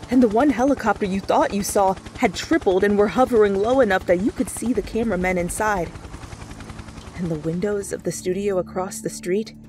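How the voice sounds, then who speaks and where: A woman narrating a second-person fanfiction story in a soft storytelling voice. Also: mid-range voice. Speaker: fanfiction reader.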